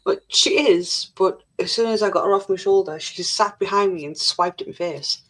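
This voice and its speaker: A woman's voice: medium pitch, normal speed, a bit bright, rough recording. A woman co-hosting a live stream in casual chat, reading viewer comments aloud with dry, jokey swearing.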